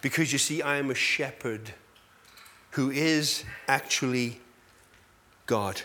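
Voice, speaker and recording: A male pastor preaching a sermon in an animated, self-deprecating way, full of rhetorical questions. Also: medium pitch, slow pace, a little hiss or hum.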